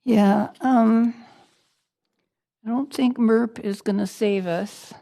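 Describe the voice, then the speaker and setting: A woman's voice: on the high side, fairly even intonation, slow pace, creaky, dark tone. A woman with a Canadian accent, a city councillor speaking bluntly and critically at a council meeting, citing figures.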